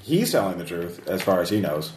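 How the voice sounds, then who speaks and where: A man running a tabletop game as game master, relaxed and full of hesitant fillers. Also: low-pitched, a little fast, reverberant, background noise. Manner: hesitant, filler-heavy, laid-back.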